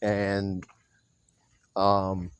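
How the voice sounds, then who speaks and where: A man with a lowish voice talks through a wrestling recap in a loose, rambling way, cursing freely and doubling back to fix his own mistakes. The sound is dry and close, with no room around it. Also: completely flat delivery, very slow, clean tone, dry recording. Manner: rambling, profane, self-correcting. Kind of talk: casual recap monologue.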